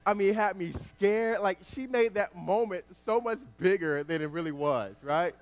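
A pastor, probably in his thirties, preaches in a voice that sits high, keeping to a moderate pace. His sermon swings from forceful, loud emphasis to a gentle, chatty personal story.

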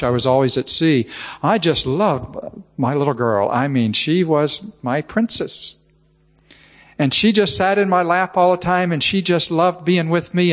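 A man with a high voice delivers a sermon. He tells a family story with heartfelt feeling and often leans on the word "just." His voice rings with the long reverb of a church hall. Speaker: preacher.

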